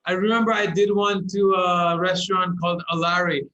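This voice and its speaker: A young man as a podcast guest, telling stories in animated casual chat and laughing often. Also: high voice, a little fast, lo-fi sound. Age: young adult.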